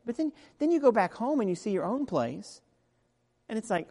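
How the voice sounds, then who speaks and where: A man preaching a sermon as pastor, talking in a conversational way that drops to quiet asides and rises to loud, emphatic peaks. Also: high voice, big pitch swings, moderate pace. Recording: long reverb of a large hall.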